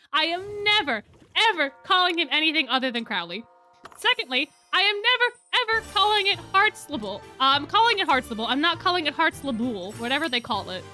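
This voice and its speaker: Young woman streamer, high lively voice, gushing fan chatter with music under it. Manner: excitable, repeats herself, gushing fan talk. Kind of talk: casual reaction chat. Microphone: desk mic.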